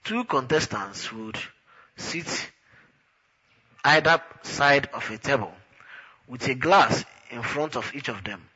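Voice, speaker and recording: A man reading a novel aloud in a dry, unhurried storytelling manner. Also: medium pitch, lively intonation, sharp tone, breathy edge, muffled recording. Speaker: narrator. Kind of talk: audiobook narration.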